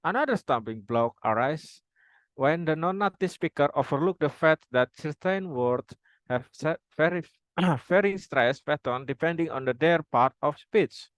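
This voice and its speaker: A young man reading a prepared phonology presentation aloud, formal wording with halting restarts. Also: on the high side, lively intonation, dry recording, poor audio. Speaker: student presenter.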